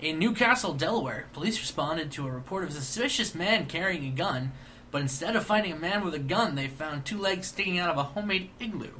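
A man's voice: a little high, lively intonation, pushed and bright, a little hiss or hum. A man co-hosting a casual comedy show, reading news items aloud and tossing in playful quips. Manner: eager, playful, quick quips. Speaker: co-host.

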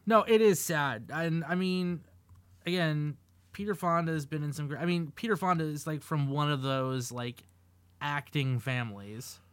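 A man co-hosting a pop-culture podcast, chatting casually with animated, laughing delivery and swearing. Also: on the high side, moderate pace, clear, resonant tone, no echo. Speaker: podcast co-host. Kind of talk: casual chat.

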